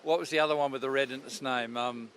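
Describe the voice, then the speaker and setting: A man's voice: mid-range voice, fairly even intonation, fast talker, fairly bright tone, a little hiss or hum. An older Australian man, a radio presenter, chatting in a rambling, storytelling way, interviewed outdoors at a racetrack. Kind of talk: casual interview chat.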